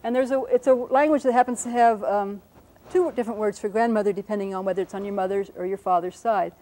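A woman with a mellow, relaxed voice explains phonetic symbols as a linguist. She speaks carefully and slows down to demonstrate each pronunciation syllable by syllable. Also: mid-range voice, poor audio. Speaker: linguist giving a talk.

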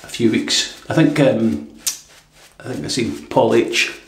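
A man giving a casual running commentary while he shaves in a bathroom, talking quietly and thinking aloud with lots of fillers. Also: medium pitch, takes it slowly. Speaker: shaving video host. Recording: echoey bathroom with faint noise.

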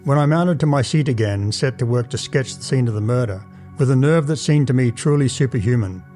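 A man reading a classic tale aloud in a measured, dramatic first-person narration. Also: medium pitch, warm tone, soft background music. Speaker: audiobook narrator.

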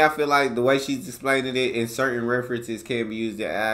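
A man's voice: fairly low pitch, normal speed, a bit bright. A man hosting a reaction video, chatting casually and laid-back, laughing often.

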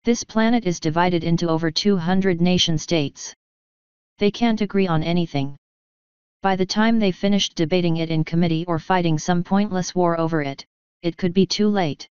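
A woman's voice: fairly low pitch, moderate pace, darkish tone, smooth, dry recording, highs cut off, lightly acted. A woman reading the part of a worried female unicorn princess who argues earnestly.

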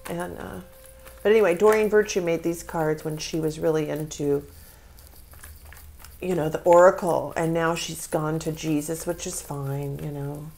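A woman doing a tarot reading speaks with spiritual feeling and emotion, tearful and close to crying. Her voice is low-pitched and a little mellow, with vocal fry, fairly even intonation and a normal pace.

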